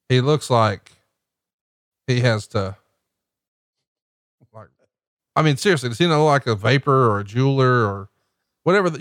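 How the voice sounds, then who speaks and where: Brief: mid-pitched man, sarcastic crude commentary, dry close sound. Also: no room sound. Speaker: podcast co-host watching wrestling. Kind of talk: casual profane commentary.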